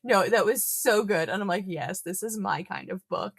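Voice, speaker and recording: A woman's voice: mid-range voice, moderate pace, gravelly, no echo, studio quality. A woman guest on a podcast chatting casually, jokey and dramatic. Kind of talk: casual chat.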